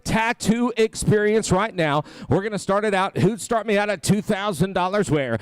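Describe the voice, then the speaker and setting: Brief: male gala auctioneer with a fast singsong bid chant, smooth and slightly high, dry close mic. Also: no echo. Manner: rapid rhythmic auction chant; playful crowd banter. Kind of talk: live charity auction calling. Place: banquet hall at a gala.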